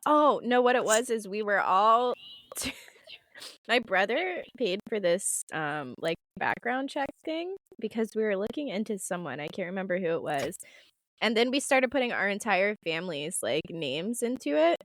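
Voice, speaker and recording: A woman's voice: medium pitch, normal speed, no echo. A young woman co-hosting a casual podcast, telling stories and laughing often. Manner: laughs often, animated storytelling. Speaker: podcast co-host. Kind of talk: casual chat.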